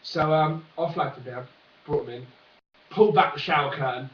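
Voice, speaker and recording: A man's voice: on the high side, moderate pace, echoey room, far from the mic, muffled recording, a little hiss or hum. Man rambling a jokey vlog. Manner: jokey, sarcastic, meandering asides. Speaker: vlogger. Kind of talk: rambling comic monologue to camera.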